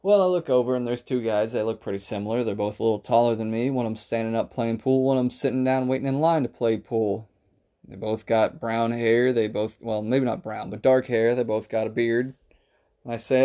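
A man's voice: medium pitch, fairly even intonation, a little fast, mellow, clean tone. A man casually telling a rambling, profane story about a bar night, acting out the quotes. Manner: profane, rambling anecdotal delivery with acted-out quotes.

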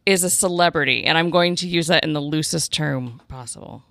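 A woman's voice: low voice, a little fast, gravelly, a bit bright, no room sound, clean studio sound. A woman hosting a casual group quiz, calling on each player in turn and reading out the clues. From Iowa. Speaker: quiz host.

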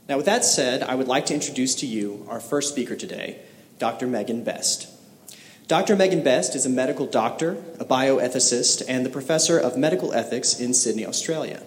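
A man's voice: medium pitch, a little hiss or hum. A man hosting the event, formally reading announcements and introducing the speaker. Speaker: event host. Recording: roomy hall reverb, faint ambience.

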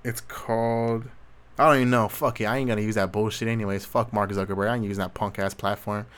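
A young adult man from Southern California hosts a solo Q&A with a lowish, level voice that's clean, fairly bright and quick. The casual monologue is a rambling rant full of profanity and slang.

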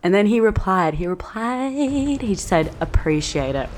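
A young woman in her twenties, hosting a podcast and telling a story in a brash, sweary, animated way. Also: medium pitch, unhurried, a little hiss or hum. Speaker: podcast host. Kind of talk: casual storytelling monologue.

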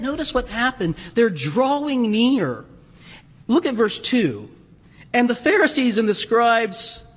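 A man preaching a sermon, animated and chuckling, acting out voices in the story. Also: high voice, breathy edge, big-room sound. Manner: animated, laughs often, acts out voices. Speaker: pastor.

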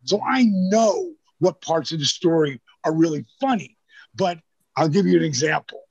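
Older male storyteller with a husky voice, rambling and salty, recorded dry and a bit dull. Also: a little high, animated, moderate pace, dry recording. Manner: rambling, profane, acts out quoted lines. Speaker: storyteller guest. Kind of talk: casual anecdotal storytelling.

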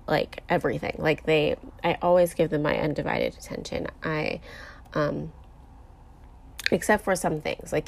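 A woman in her thirties talks openly on her own podcast, her low voice edged with vocal fry. She stumbles through fillers and restarts, sounding close to tears. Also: a little mellow. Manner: candid, emotional, with many fillers. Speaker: podcast host. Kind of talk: personal podcast monologue.

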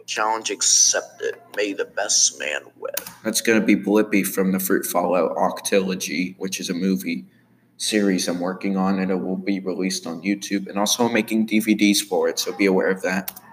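A man with a fairly low voice talks through his own home-made animated series. He rambles and circles back with lots of fillers. Faint room ambience sits behind him. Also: brisk, slight background noise. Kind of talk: casual commentary.

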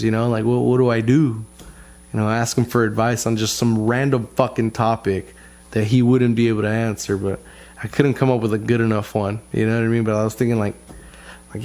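A man's voice: fairly low pitch, fairly even intonation, brisk, a little mellow. A man telling a rambling family story in casual talk, swearing constantly and repeating himself with frustration. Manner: profane, frustrated, rambling with many restarts and fillers. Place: lives in Texas.

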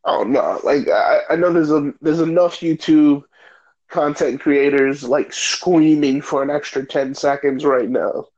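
A podcast host from the United States leads a loose, joking conversation about video games, his voice a little high for a man and full of hyped, teasing energy even as late-night tiredness creeps in. He speaks unhurriedly with a darkish tone, and the recording sounds dull and lo-fi.

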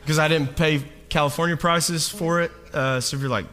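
A man, a pastor, telling an animated, self-mocking story in a sermon, now and then raising his voice to a shout. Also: a little high, normal speed. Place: church hall. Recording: long hall reverb with faint guitar.

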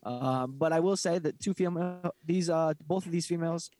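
A man's voice: fairly high pitch, fairly quick, dark tone, dry recording. A man co-hosting a casual podcast chat, blunt and profane, ranting with strong opinions. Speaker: podcast co-host.

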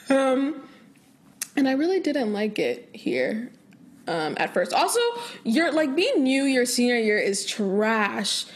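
A young American woman hosts a podcast in a loose, rambling chat, breaking into giggles often. Her voice sits a touch on the higher side. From United States. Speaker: podcast host. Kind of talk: casual chat.

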